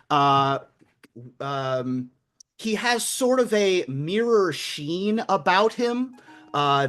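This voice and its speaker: Man, tabletop player, slow, measured, slightly high voice. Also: fairly bright tone. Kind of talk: describing a character in a tabletop game.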